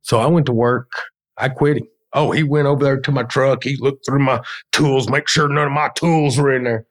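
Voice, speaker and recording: A man's voice: medium pitch, steady tone, normal speed. A man, a business owner telling blunt, profane stories as a podcast guest. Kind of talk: casual storytelling.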